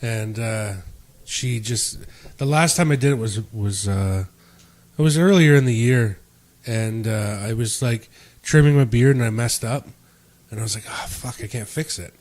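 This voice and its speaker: A man's voice: mid-range voice, a little slow. Laid-back man telling a prank story. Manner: lively storyteller, swears often, laughs while telling. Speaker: podcast co-host. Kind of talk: casual chat.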